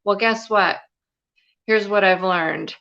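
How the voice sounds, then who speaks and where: A woman's voice: mid-range voice, takes it slowly, vocal fry, fairly bright tone, lo-fi sound. A woman guest telling a personal story in a live interview, earnest and confiding, with many "you know" fillers. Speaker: guest, spiritual and business mentor.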